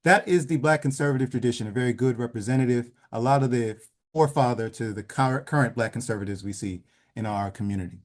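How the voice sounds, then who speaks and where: Man, mid-pitched, lecturing over slides, measured, video call audio. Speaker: presenter leading an online session.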